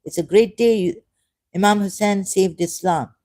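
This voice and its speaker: A woman from Pakistan giving a digressive personal monologue, dropping to soft asides and rising to emphatic outbursts while repeating phrases. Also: mid-range voice, normal speed, dry recording. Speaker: ex-Muslim speaker sharing his views.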